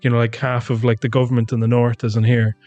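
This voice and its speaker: A man's voice: mid-range voice, flat delivery, fast talker, dark tone, dry recording, dull audio, soft background music. An Irish man co-hosting a podcast in casual chat, retelling events and mimicking the people he quotes. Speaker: podcast co-host.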